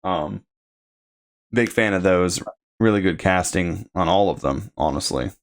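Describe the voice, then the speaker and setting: Low-voiced easygoing male podcast host. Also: lively intonation, unhurried. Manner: easygoing, chuckles between remarks. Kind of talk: casual podcast chat.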